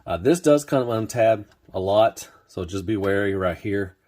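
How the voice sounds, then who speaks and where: Male toy reviewer, deep voice, casual, rambling, unscripted. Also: expressive, measured pace, dark tone, slight background noise. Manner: rambling, filler-heavy, laid-back.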